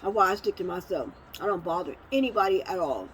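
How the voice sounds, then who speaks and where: A middle-aged woman talking candidly in a casual vlog monologue, venting about life in relaxed everyday speech. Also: lowish voice, fast talker, slight background noise, poor audio. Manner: candid, venting, conversational with slang. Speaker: vlogger. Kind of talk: casual monologue while eating.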